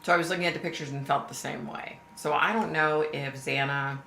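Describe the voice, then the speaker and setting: A woman with a low, bright-edged voice hosts a casual live stream and talks straight to her viewers. She sounds chatty and emphatic. The room around her is echoey. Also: steady tone, a little fast, gravelly, slight background noise. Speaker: livestream host.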